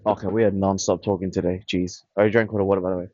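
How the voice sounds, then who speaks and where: A man's voice: sits low, flat delivery, fast, mellow, muffled recording, slight background noise. A man talking to a camera on a tripod in a blunt, dismissive, rambling monologue. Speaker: vlogger.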